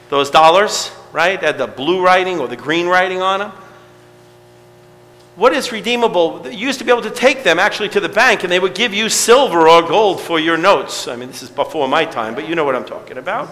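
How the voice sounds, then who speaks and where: A man's voice: high-pitched, bright, forceful tone, long reverb tail, rough recording. A middle-aged man preaching a sermon to his congregation in a conversational way, asking rhetorical questions. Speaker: pastor.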